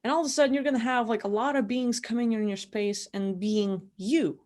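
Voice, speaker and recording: A woman's voice: on the high side, fairly even intonation, a little fast, darkish tone. A woman giving casual guided spiritual instruction from her room, rambling and filling her talk with "like". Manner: rambling, heavy use of "like". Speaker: spiritual teacher.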